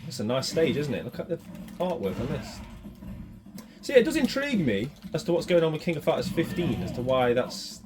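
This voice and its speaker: A man giving excitable running commentary while playing a retro fighting game, swinging between mutters and shouts. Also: on the high side, brisk, music in the background. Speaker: retro gaming channel host.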